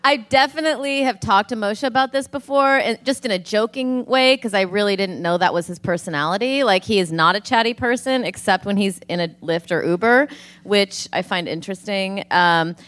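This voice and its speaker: A woman's voice: mid-range voice, a little fast, fairly bright tone. A woman co-hosting a live comedy podcast, giving candid advice with giggles. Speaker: podcast co-host. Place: theater stage before a live audience.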